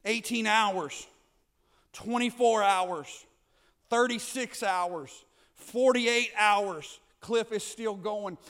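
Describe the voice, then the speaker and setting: A man's voice: high-pitched, very slow, fairly bright tone, clear, resonant tone. A man preaching a sermon, building up with repeated phrases and rhetorical questions. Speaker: pastor.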